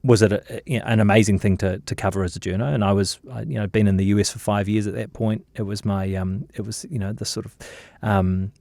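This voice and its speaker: A New Zealand journalist in his thirties, telling lively anecdotes in a casual interview, with plenty of fillers and restarts. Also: fairly low pitch, fast, gravelly, few pauses, no room sound. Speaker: journalist guest.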